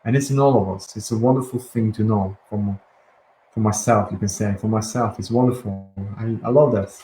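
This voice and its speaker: A man leading a guided breathing and affirmation session, speaking softly and slowly with calm pauses and restarts. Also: on the low side, faint music behind. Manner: soft, slow and gentle, with calm pauses and restarts. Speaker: guided release teacher. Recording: echoey room with faint ambient noise.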